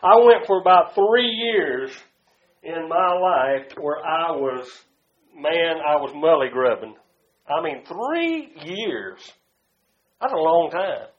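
Guy preaching, pretty high voice, goes loud then quiet, kinda muffled lo-fi church echo. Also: animated, takes it slowly. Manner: preaches with swings from loud to hushed, prompts the congregation. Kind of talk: sermon. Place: church before a congregation.

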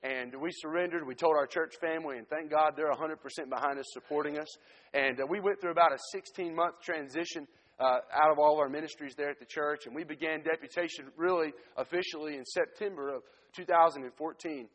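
A man tells his story from the pulpit in an earnest way, stumbling and restarting as he goes. His voice sits somewhat high for a man. A long church-hall reverb trails behind every phrase. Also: fairly even intonation, a little fast, a bit bright. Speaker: missionary preacher. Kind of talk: testimony sermon to a congregation. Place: church sanctuary.

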